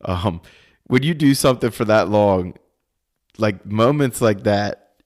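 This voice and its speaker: A man with a very low voice talks through fight footage in a loose, conversational way. He circles back on his words as he thinks, and drops in casual swearing. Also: a little slow. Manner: relaxed, thinking aloud with many restarts. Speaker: podcast co-host. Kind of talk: casual video commentary chat.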